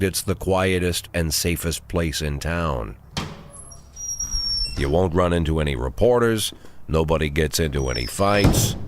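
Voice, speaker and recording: Against a noisy background, a man with a very deep voice gives a heavily acted turn as an aging, gruff police chief in his sixties. His cynical, world-weary character narrates the game in a dry, sardonic inner monologue.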